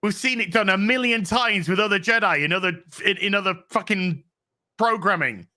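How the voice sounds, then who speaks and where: Man, podcast host, sarcastic profane rant, fairly high voice, tense and forceful. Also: moderate pace. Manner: profane, sarcastic, exasperated, acts out characters' lines. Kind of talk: casual review rant.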